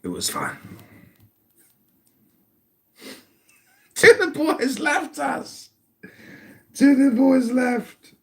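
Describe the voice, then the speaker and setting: A man's voice: extremely high pitch, huge pitch swings, drawn-out words, creaky, pauses often. A man in casual chat as a political candidate hosting his own podcast, loose and jokey. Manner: loose, jokey, self-promoting.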